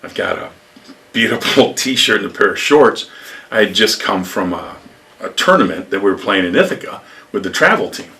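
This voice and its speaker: An older man from upstate New York, a former lacrosse coach, telling rambling stories in an interview with lively acted quotes. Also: fairly low pitch, normal speed, far from the mic. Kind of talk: storytelling interview.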